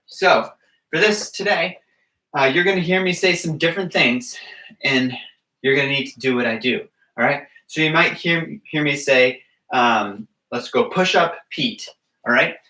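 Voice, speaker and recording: A young adult man coaching small children through a gymnastics warm-up, his voice bright and forceful. He talks in an upbeat, coaxing way and keeps checking that they follow. He stands a little back from the microphone in an echoey room. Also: on the high side, moderate pace, recorded from a distance. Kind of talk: online kids' exercise class. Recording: echoey room, away from the mic.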